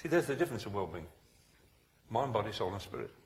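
A clergyman telling humorous stories in a sermon, laughing often and breaking into shouted commands. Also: fairly low pitch, big pitch swings, fast talker, roomy sound, slight background noise. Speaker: senior clergyman preaching.

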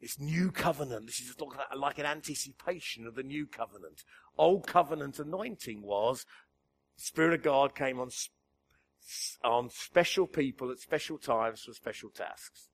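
A man preaching a sermon, swinging between emphatic lines and a hushed near-whisper, chuckling at his own jokes. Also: medium pitch, expressive, moderate pace, breathy edge. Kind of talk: sermon to a church gathering.

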